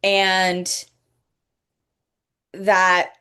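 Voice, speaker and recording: A woman hosting a podcast, talking slowly and reflectively in a casual faith-based conversation, pausing to search for words. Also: medium pitch, monotone, sharp tone, smooth. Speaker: podcast host.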